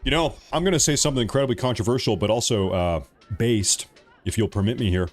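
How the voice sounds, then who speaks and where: A man's voice: medium pitch, quick pace, faint music behind. Ranting male live-streamer. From United States. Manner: ranting, emphatic, repeats himself. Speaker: livestream host. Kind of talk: heated live-stream commentary.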